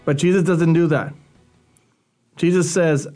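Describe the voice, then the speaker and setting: A man's voice: on the high side, fairly even intonation, normal speed, long pauses, mellow, faint music behind. A male youth pastor giving a radio sermon talk in a conversational, earnest teaching manner.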